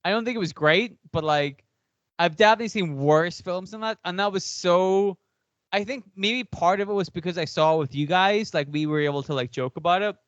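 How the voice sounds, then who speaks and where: A man's voice: high-pitched, brisk, dry recording, muffled recording. A man with an Irish accent, co-hosting a podcast in casual, rambling chat full of "like". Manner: rambling, heavy use of "like". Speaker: podcast co-host.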